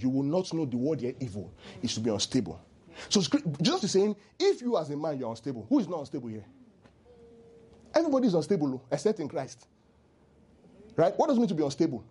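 A man preaching a sermon as pastor, animated and teasing, leading the congregation in call-and-response. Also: fairly high pitch, husky.

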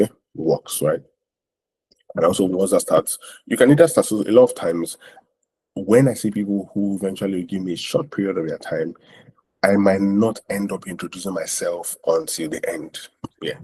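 A man's voice: deep voice, mellow, slightly rough. A man teaching street evangelism in a loose, repetitive talk, often asking "right?" and acting out what he says to strangers.

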